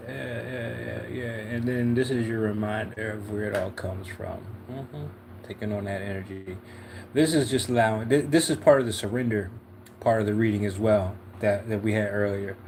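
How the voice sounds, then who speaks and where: A man's voice: on the low side, fairly even intonation, normal speed, gravelly, a little mellow, slight background noise. A man from Philadelphia hosting a casual livestream tarot reading, laid-back and slangy, often checking in with "you know what I'm saying". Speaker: tarot reader, livestream host.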